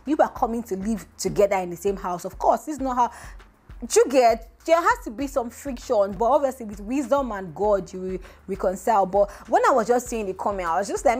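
A woman's voice: expressive, brisk, a little mellow. Emphatic woman vlogger. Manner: emphatic and rhetorical, voice often jumping up high. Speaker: vlogger host. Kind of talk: casual celebrity gossip commentary.

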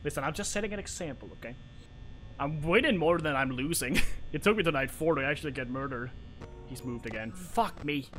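Excitable, foul-mouthed young male streamer. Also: a little high, brisk, faint music behind. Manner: excitable, swears a lot, banters with chat. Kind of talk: live gameplay commentary.

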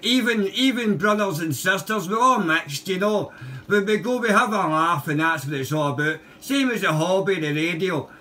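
Bright-voiced Glaswegian man on the radio. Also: sits high, expressive, normal speed. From Scotland. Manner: friendly, chatty, calls everyone brother and mate. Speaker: radio amateur. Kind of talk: casual radio contact chat.

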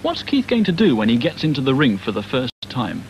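A man's voice: mid-range voice, wildly swooping pitch, fairly quick. A man narrating a documentary in a dry, matter-of-fact scripted delivery. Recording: dull old broadcast voice-over with faint hiss.

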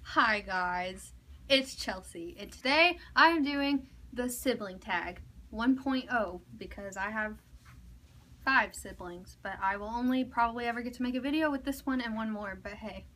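A woman's voice: fairly high pitch, moderate pace, sharp tone. A young woman hosting her own vlog in a casual, playful chat, laughing often. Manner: giggly, playful. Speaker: vlogger host.

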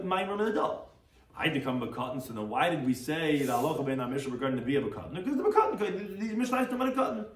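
A man, a rabbi teaching a daily Talmud class, reads Aramaic phrases and explains them in English, acting out the sages. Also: on the high side. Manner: animated, acts out the quoted sages. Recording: echoey room, far from mic, faint noise.

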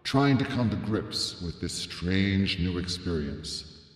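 A man playing a pompous old-time radio drama narrator, with grave, drawn-out delivery in the style of 1940s radio acting. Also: sits low, animated. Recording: roomy reverb with music bed.

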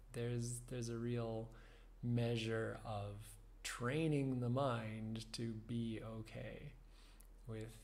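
Man, meditation teacher, unhurried reflective talk, gravelly fry, mid pitch. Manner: slow, thoughtful, with soft laughs and fillers.

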